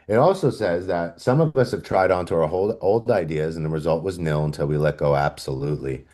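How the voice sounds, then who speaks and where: A man from Los Angeles speaking at a recovery meeting, telling his personal story with animated storytelling and acted-out quotes. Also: low-pitched, brisk, hardly any pauses.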